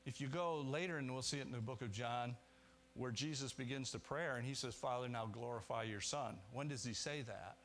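A man preaching a sermon as pastor, earnest, moving between quiet low reflection and raised emphatic points, with rhetorical questions and restarts. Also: fairly quick, a little hiss or hum.

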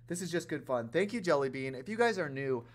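A man hosting a casual gaming livestream, chatty and animated, talking straight to his chat in a campy, playful way. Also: on the high side, fast. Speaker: livestream host playing a life-sim game.

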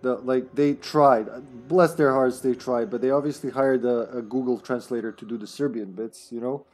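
A man's voice: mid-range voice, steady tone, darkish tone. A man streaming a co-op game, chatting casually and joking with friends. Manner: joking, laughs often, quick asides. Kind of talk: casual gaming chat.

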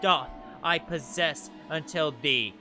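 A man's voice: a little high, slow pace, over music. A man voicing an old-fashioned male ghost who speaks in grand, archaic phrases. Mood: grandiose. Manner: archaic, theatrical speech.

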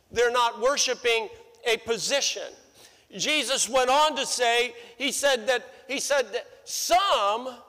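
A male pastor preaches a sermon in a church sanctuary, his very high voice pushed and bright as he repeats phrases for emphasis and rises sharply when acting out quotes. The recording has long church-hall reverb.

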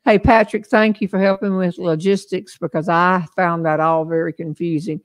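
An older woman with a Southern US accent hosts a casual live-stream chat, folksy and talkative and laughing often. Her voice is fairly low and fairly even in intonation, at a moderate pace.

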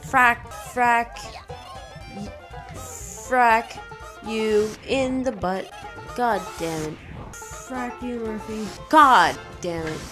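A woman's voice: medium pitch, lively intonation, slow pace, fairly bright tone, faint music behind. A woman hosting blind gameplay commentary in a put-on imitation Cockney accent, joking and swearing mildly as she plays. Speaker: let's play host.

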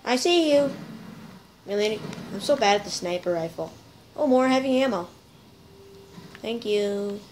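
A woman's voice: mid-range voice, animated, a little slow, pauses often, a little mellow, a little hiss or hum, rough recording. A woman hosting a gameplay video, chatting playfully to her viewers as she plays. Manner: chatty, playful, talks to viewers while playing. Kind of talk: casual gameplay commentary.

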